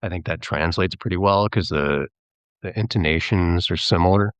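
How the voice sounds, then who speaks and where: A man's voice: low-pitched, normal speed, smooth, no room sound, highs cut off. A man, a filmmaker and actor, talking as a podcast guest in a chatty, rambling way and mimicking voices when he quotes people. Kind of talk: casual podcast interview.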